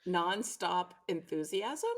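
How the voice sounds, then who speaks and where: A woman's voice: on the low side, animated, takes it slowly. A woman co-hosting a podcast, chatting enthusiastically. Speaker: podcast co-host. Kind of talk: casual podcast chat.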